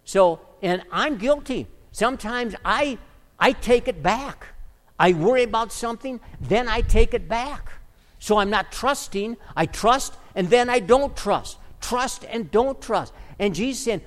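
A pastor delivering an emphatic sermon full of rhetorical questions. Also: male voice, very high voice, lively intonation, a little slow, big-room sound.

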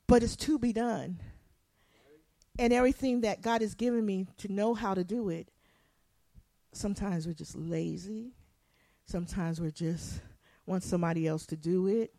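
A woman pastor preaching a sermon, animated, acting out quotes and asking the congregation to respond. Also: mid-range voice, moderate pace, pauses often, no room sound.

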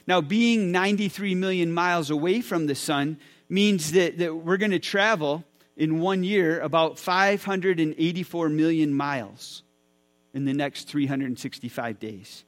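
A man's voice: a little high, measured pace. Enthusiastic pastor in his forties. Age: 40s. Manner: enthusiastic, repeats words when excited. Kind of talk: church sermon talk. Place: church sanctuary.

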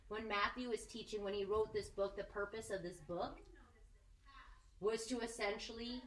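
A woman giving a casual, animated sermon, joking and acting out the people she quotes. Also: medium pitch, a little hiss or hum. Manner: animated, jokey, acts out quoted voices. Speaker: preacher. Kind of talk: conversational sermon. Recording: echoey room, mic at a distance.

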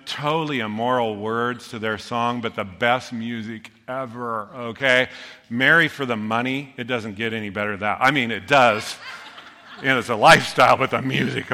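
A middle-aged man preaching a sermon, telling stories in a lively, joking way. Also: mid-range voice. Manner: storytelling, animated, self-deprecating humor. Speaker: pastor. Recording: long hall reverb.

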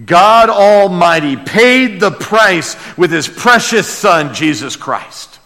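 Male pastor, sermon, slow deliberate delivery, fairly high voice, echoing sanctuary. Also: very animated. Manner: passionate, swings from hushed to crying out.

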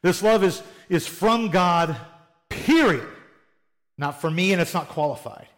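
A man's voice: high-pitched, animated, unhurried. A man preaching a sermon in a plain-spoken, conversational way, often acting out little quoted exchanges. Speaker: pastor.

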